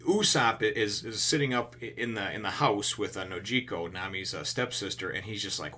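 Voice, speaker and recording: Talking fast with hardly a pause, this man has a fairly low voice that sounds pushed and bright. He's a video reviewer casually going over a comic chapter for his channel, rambling, restarting, filling gaps, and swearing freely.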